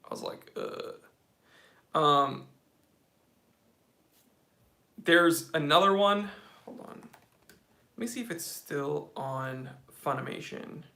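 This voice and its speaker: A man's voice: a little high, takes it slowly, gravelly, sharp tone. An American man hosting a livestream, casually reading out viewer comments and chatting with enthusiasm. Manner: casual, enthusiastic, says dude a lot. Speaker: watch channel host.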